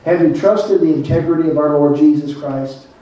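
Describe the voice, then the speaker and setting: An older man preaching a sermon as a pastor, calling on the congregation and slowing down to stress his points. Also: on the high side, mellow, slight background noise. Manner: preaching, calls on the congregation, slows down for emphasis. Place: church. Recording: echoey church hall, mic far off, dull.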